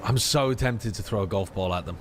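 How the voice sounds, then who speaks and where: A man's voice: lowish voice, a little fast. A man streaming a game, joking and swearing as he comments to his chat. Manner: animated, swearing, mocking commentary. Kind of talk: casual gaming stream chat. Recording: game music underneath.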